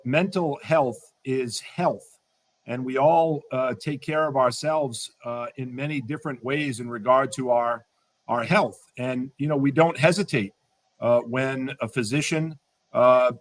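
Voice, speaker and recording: A man's voice: medium pitch, no room sound. A man giving earnest remarks as a guest on a livestream, repeating words and using many fillers. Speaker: state secretary, guest.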